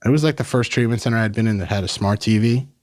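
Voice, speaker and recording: A man in his thirties from New York tells his story as a podcast guest, casual and blunt, with plenty of swearing and "bro". His voice sits on the low side. The recording is close and dry, with no room sound. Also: quick pace, dry recording. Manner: blunt, profane, animated retelling with lots of "like" and "bro".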